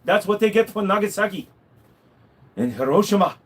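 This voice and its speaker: An older male mentor with a put-on Japanese accent, as a man acts him out, his voice pushed well above a normal speaking pitch. He speaks in clipped, broken sentences with a sly, scheming edge. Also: expressive, normal speed.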